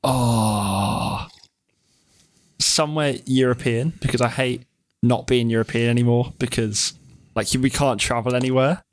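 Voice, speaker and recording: A man's voice: mid-range voice, steady tone, unhurried, no echo. A man co-hosting a podcast in casual chat, teasing and rambling. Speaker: podcast co-host.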